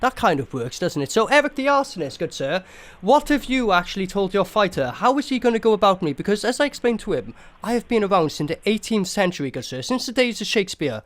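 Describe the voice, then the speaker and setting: Brief: male prank caller, high voice, mock-formal and overly polite, very animated delivery. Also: quick pace. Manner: mock-formal, exaggeratedly polite gentleman act. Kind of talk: comedic prank phone call.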